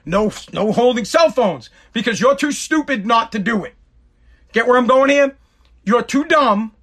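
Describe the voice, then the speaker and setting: Podcast guy ranting at home, kinda high voice, mocking and fed up, keeps laughing at his own bits. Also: expressive, unhurried, a bit bright. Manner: exasperated, mocking, breaks into laughter. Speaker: podcast host. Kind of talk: comedic podcast rant.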